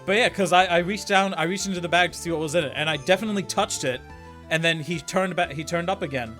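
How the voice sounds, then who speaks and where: A man streaming a game with a friend, joking around in casual chat and quick to put on silly voices. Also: high voice, fairly bright tone, soft background music. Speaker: let's play streamer.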